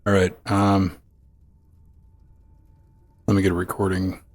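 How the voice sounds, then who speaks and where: Co-hosting a live gaming podcast, a man with a low voice chats casually and distractedly while getting a game set up. He talks slowly and a little mellowly, with a completely flat delivery.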